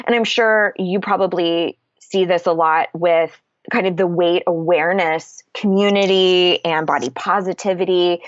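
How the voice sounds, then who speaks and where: Woman guest coach, casual and blunt, low voice, dry, slightly dull sound. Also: no echo. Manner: candid, casual, swears freely. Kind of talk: podcast interview, explaining a method.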